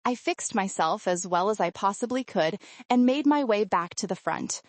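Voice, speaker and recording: A woman narrating a first-person romance audiobook in an expressive, emotive way. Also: medium pitch, moderate pace, no echo.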